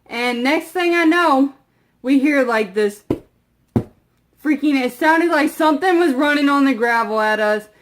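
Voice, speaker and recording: A young woman tells a story to her camera at an unhurried pace, her voice sitting a little high. She rambles, piles on fillers and lets her asides drop off quietly. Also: animated, background noise. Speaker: vlogger.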